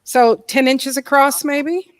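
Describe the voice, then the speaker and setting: A woman's voice: high-pitched, steady tone, slow pace, dry recording. A woman co-hosting a casual group chat, chatty and giggly. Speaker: co-host.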